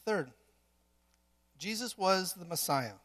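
A man's voice: high-pitched, animated, slow pace, fairly bright tone. A man preaching a sermon in earnest, building to emphatic peaks with some restarts.

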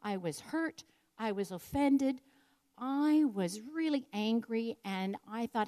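A woman's voice: fairly high pitch, lively intonation, slow pace, mellow. Older woman telling a reflective story. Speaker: speaker sharing a personal story. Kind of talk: personal devotional talk.

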